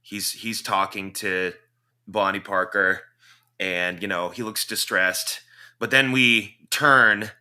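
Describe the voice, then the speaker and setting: A man's voice: lowish voice, steady tone, slow, bright, forceful tone. A man narrating his character's scene in a tabletop role-play game, hesitant and full of fillers. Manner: hesitant, filler-heavy storytelling. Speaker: player.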